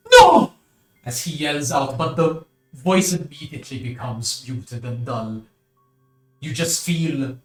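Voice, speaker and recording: A man narrating a tabletop game as game master, describing scenes slowly in the second person. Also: medium pitch, a bit bright, echoey room.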